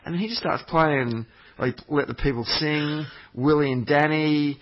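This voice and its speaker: A man's voice: fairly high pitch, moderate pace. A man telling a meandering, sweary travel story on a podcast, with lots of fillers and restarts. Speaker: podcast regular. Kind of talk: rambling anecdotal chat. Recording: muffled lo-fi podcast audio.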